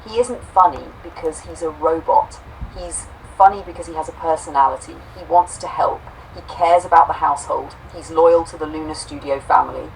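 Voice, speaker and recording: A woman co-host reading a homespun robot story aloud, saying the quote marks out loud, then reflecting warmly on it. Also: low voice, brisk, recorded from a distance, slight background noise, poor audio. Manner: warm, affectionate, reads quote marks aloud.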